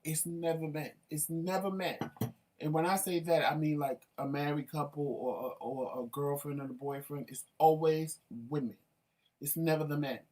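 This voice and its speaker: A man co-hosting a talk show, telling work stories in an animated, emphatic way. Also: on the high side, moderate pace, recorded from a distance. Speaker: co-host. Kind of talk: casual chat.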